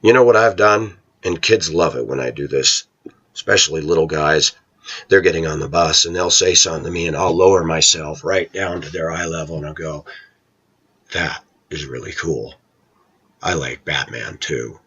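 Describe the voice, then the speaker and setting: A man's voice: a little fast, bright, forceful tone, breathy edge, lo-fi sound. A middle-aged American man ranting in a casual, opinionated monologue, sometimes mocking other people's voices. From United States. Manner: opinionated, scornful, mocks voices in falsetto. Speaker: vlogger.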